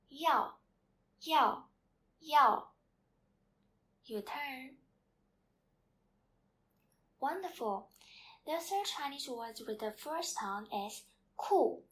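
A woman's voice: sits high, lively intonation, takes it slowly, long pauses. A woman teaching as a language teacher, leading a patient, repetitive pronunciation drill.

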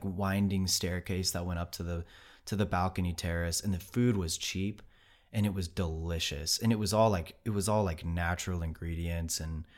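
An American man hosting a podcast, telling a travel story in a casual, rambling way with many fillers and restarts. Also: sits low. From United States. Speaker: podcast host.

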